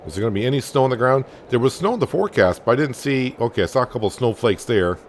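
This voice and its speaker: A man's voice: mid-range voice, lively intonation, very fast, a little hiss or hum. A man casually commenting as he plays a farming game, thinking aloud with many fillers. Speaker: gaming channel host. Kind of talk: casual let's-play commentary.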